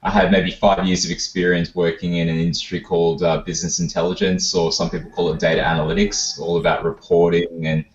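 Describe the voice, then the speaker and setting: A man, a guest on a podcast, telling his story in a relaxed, casual way. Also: low-pitched, brisk, hardly any pauses, roomy sound, dull audio. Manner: relaxed storytelling, many fillers. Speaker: podcast guest, data analytics consultant. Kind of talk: casual interview chat.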